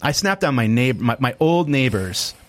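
A man's voice: mid-range voice, big pitch swings. Regular-sounding guy on a podcast, friendly, laughs along, chats easy. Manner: chummy, agreeing, quick to laugh. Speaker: comedian guest. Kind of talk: casual chat.

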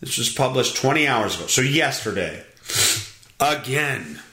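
Male podcast host, sarcastic ranter, lively pitch, echoey room. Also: measured pace. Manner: sarcastic, ranting, swings up and down in pitch. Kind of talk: casual solo podcast commentary. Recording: roomy echo.

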